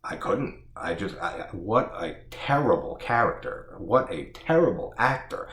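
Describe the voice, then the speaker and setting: A man's voice: low voice, very animated, unhurried, a bit bright, reverberant. A man giving a casual, exasperated spoken movie review, full of laughs, swearing and "like" fillers.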